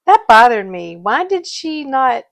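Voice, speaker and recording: A woman's voice: sits high, sing-song, measured pace, gravelly, no echo. A woman co-hosting a podcast, bantering playfully and laughing in casual chat. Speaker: podcast co-host.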